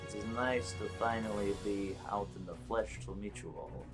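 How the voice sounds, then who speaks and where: A scheming dark elf villain from a tabletop game, voiced by a man, with a fairly low voice. The words come out calm, formal and menacing, with faint music behind. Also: normal speed, close to an everyday voice. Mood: ominous. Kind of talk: tabletop game role-play.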